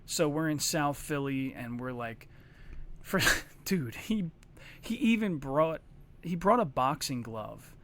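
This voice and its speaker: A man's voice: on the high side, animated, slow pace. A man, co-hosting a podcast, telling wild stories in a rambling, profane, laughing way. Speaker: podcast co-host. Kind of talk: casual storytelling chat.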